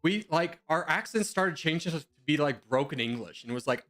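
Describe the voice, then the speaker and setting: A man's voice: mid-range voice, fairly quick, hardly any pauses, fairly bright tone. A young man chatting casually in voice chat while gaming, joking and sarcastic. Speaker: gamer in voice chat.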